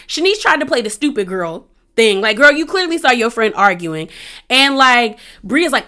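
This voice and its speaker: A woman's voice: high voice, normal speed. Chatty, slangy young woman recapping. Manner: chatty, slangy, animated retelling with acted-out quotes. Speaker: reality TV recap host. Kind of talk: casual recap commentary.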